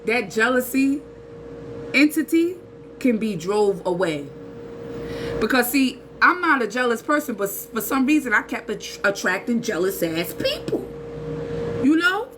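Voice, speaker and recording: A woman, giving a casual spiritual talk in an animated, preachy way with slang and rhetorical asides. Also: fairly high pitch, unhurried, noisy background. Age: 30s. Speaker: spiritual channel host.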